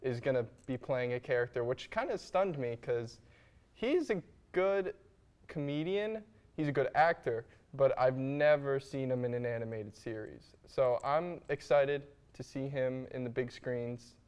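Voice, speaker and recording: A man with a smooth, clear voice talks on a casual panel. He is emphatic and enthusiastic. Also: mid-range voice, animated, measured pace, darkish tone.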